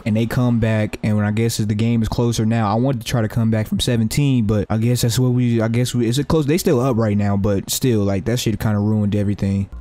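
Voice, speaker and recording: A young man giving live, profane, trash-talking commentary over his own basketball video game play, breaking into sudden excited yelps. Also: on the low side, fairly quick, few pauses. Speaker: gaming YouTuber.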